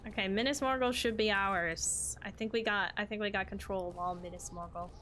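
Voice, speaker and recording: Bright-voiced woman streamer chatting while gaming. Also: mid-range voice, steady tone, fairly quick, slight background noise. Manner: chatty, exclaims and uses minced oaths. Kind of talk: casual gameplay commentary.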